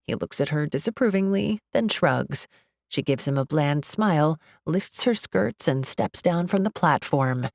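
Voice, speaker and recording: A woman narrating a first-person romance audiobook in a measured, wry manner. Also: deep voice, animated, vocal fry, darkish tone, no room sound, studio quality.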